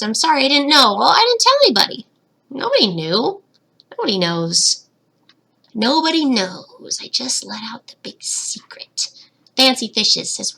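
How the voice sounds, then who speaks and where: A woman's voice: fairly high pitch, vocal fry, pushed and bright. A young woman hosting a casual livestream Q&A, reading chat comments aloud and giggling, her voice slightly cracking, into a webcam at home. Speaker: fish-keeping channel host, betta breeder.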